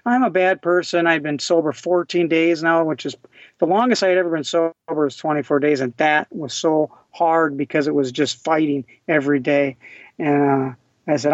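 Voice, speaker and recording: A man in his forties, a podcast guest, telling a raw, halting story of his own recovery with many restarts. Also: on the high side, steady tone, dry recording. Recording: dry, dull lo-fi audio.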